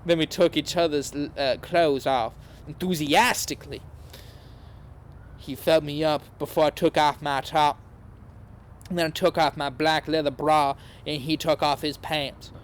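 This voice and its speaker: A man's voice: on the high side, steady tone, a little slow. A man hosting a podcast, giving a comedic dramatic reading with a mock-earnest tone and sarcastic asides. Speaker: podcast host reading aloud.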